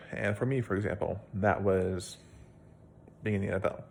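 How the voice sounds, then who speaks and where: A man's voice: low-pitched, fairly even intonation, normal speed, gravelly, a little mellow, slight background noise. A young man, a video blogger, casually retelling a Bible story at home in a plain-spoken, rambling way with fillers.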